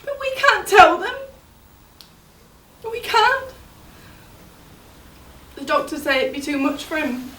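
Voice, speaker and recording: An actress playing a young woman grieving for her injured fiancé, speaking in a halting, tearful stage monologue. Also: very high-pitched, very animated, bright, forceful tone, full character voice. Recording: roomy, distant mic, faint noise.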